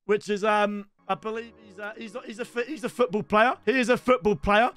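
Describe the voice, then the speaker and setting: A young man, hosting a gaming channel in an excitable, bantering, chatty way. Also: sits high, brisk. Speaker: video game channel host. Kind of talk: casual gaming commentary.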